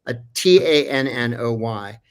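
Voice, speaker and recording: Man, voice actor, casual anecdote, rambling, digressive, lots of ums and uhs, middle pitch. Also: lively intonation, a little slow, clean tone. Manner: rambling, digressive, many fillers. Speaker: voice actor guest.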